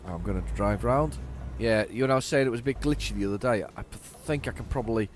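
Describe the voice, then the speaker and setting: A man's voice: medium pitch, fast talker, slight background noise. A man hosting a let's play, chatting casually and rambling while he plays, recorded close on a desk microphone at home. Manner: rambling, chatty, self-deprecating. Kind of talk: casual gameplay commentary.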